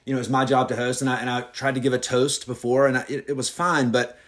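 A man with an Alabama accent chatting haltingly as a podcast guest, then reading aloud from his own novella. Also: mid-range voice, level tone, fairly bright tone. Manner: halting, many fillers and restarts when chatting.

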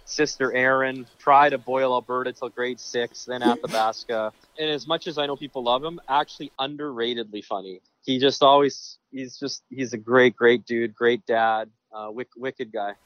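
A man, a sports broadcaster, telling lively anecdotes in a casual interview with many restarts. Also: mid-range voice, normal speed, hardly any pauses, no echo. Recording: dry, dull lo-fi sound.

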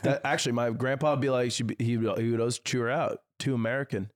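A man's voice: mid-range voice, steady tone, fast. A man co-hosting a casual podcast, laid-back and tossing in dry wisecracks. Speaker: podcast co-host. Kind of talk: casual chat.

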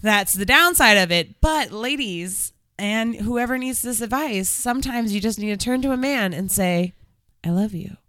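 A young woman hosting a podcast, chatting casually and telling a story with lively acted-out quotes and plenty of swearing. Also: fairly high pitch, normal speed, few pauses, no room sound. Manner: animated storyteller, acts out quotes, swears freely. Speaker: podcast host. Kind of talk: casual chat. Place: Los Angeles area.

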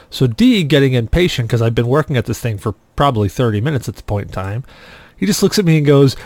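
A man hosting a casual podcast, telling a story with lively acted-out quotes. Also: mid-range voice, no room sound. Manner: animated storyteller, acts out quotes loudly. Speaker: podcast host.

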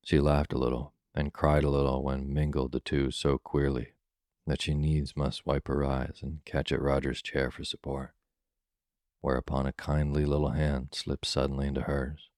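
A man reads a classic holiday tale for listeners drifting off to sleep. His voice is extremely deep and flat. The sound is close and dry, with no room around it. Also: dry recording. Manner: calm, soothing, unhurried. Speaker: storyteller. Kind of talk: slow bedtime story reading.

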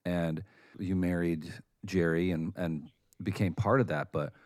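Deep-voiced man hosting a podcast. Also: steady tone, a little slow, a little mellow, no room sound, clean studio sound. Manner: laughs easily, asks short questions. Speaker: podcast co-host. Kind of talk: podcast interview.

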